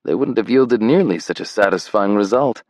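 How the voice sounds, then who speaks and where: A man voicing a gentle, wry young man who speaks softly and coaxingly. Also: lowish voice, lively intonation, moderate pace, no room sound, close to an everyday voice. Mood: giddy.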